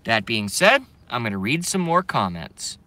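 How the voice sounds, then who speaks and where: A man's voice: mid-range voice, sing-song, moderate pace, sharp tone, no room sound. Brash, profane young man ranting. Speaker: live streamer. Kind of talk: ranting live stream, reading comments.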